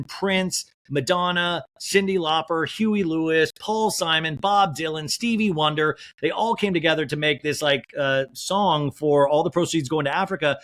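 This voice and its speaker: A man hosting a podcast in casual chat, animated, swearing freely and saying "like" a lot. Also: on the high side. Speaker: podcast host.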